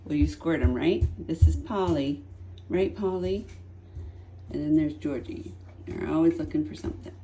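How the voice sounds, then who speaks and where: A middle-aged woman, a mother, chatting casually at home in a vlog and cooing softly to a kitten, often half-whispered. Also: sits low, moderate pace, soft background music, low-quality recording. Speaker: mother and cat owner. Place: family home indoors.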